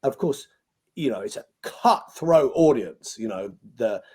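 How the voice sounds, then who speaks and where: British male magician, chatty anecdotal guest, mid-pitched, lively and a bit sweary. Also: unhurried, husky. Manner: animated, swears freely, acts out quoted lines. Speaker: podcast guest, magician and compere. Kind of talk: anecdotal storytelling interview.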